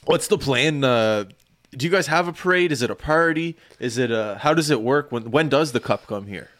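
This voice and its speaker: A male podcast host with a mid-range voice keeps the interview loose and playful. He jokes with his guests and fires off quick questions. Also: medium pitch, animated, a bit bright. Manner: joking, asks quick questions.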